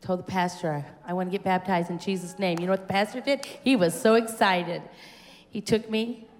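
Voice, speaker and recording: In a long-reverb, echoey church hall, a woman with a mid-range voice and steady tone speaks at normal speed. Giving a personal testimony at a service, she acts out the dialogue in her story and climbs to fervent exclamations.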